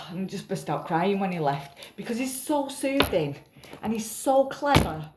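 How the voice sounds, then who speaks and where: A woman's voice: medium pitch, very animated, a little slow, reverberant, very noisy. A tired woman rambling in a casual vlog, self-mocking and swearing casually. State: tired after a night up. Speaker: vlogger.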